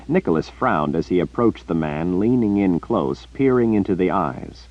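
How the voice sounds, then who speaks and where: Very deep-voiced male audiobook narrator. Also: expressive, normal speed, few pauses, no room sound, highs cut off.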